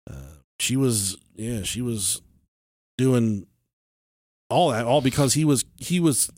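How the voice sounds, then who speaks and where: A man hosting a podcast, telling a true-crime story in casual chat, animated and swearing freely. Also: mid-range voice, takes it slowly, no echo, studio quality. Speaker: podcast host.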